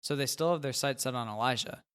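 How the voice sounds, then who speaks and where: A man narrates a first-person fiction audiobook in a plain, conversational way. His mid-range voice is clear, resonant and fairly bright, and he reads at a quick pace.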